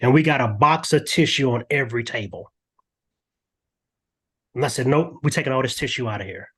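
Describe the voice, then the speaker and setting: An older man, a podcast guest, talking earnestly in a lively storytelling way with frequent restarts. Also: medium pitch, brisk, slightly rough. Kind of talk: candid podcast interview.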